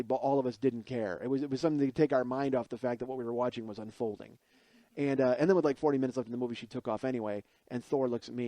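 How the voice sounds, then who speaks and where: A man in his forties tells a comic personal story as a podcast host. He talks in a profane, rambling, self-deprecating way. His voice sits fairly high but sounds mellow and warm, in a dry recording. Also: no room sound. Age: 40s.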